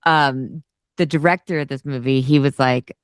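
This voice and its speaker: A man co-hosting a podcast, chatting casually about a movie, cursing often and jumping up in pitch when excited. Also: normal speed, smooth, no room sound, clean studio sound. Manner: animated, swears often, big pitch jumps when excited. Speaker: podcast co-host. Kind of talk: casual movie review chat.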